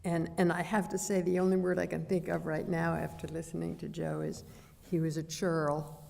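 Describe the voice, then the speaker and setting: Low, gravelly woman reading poetry. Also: little pitch movement, darkish tone, slight background noise. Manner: unhurried, wry, thoughtful. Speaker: poet reading at an event. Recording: reverberant lecture hall.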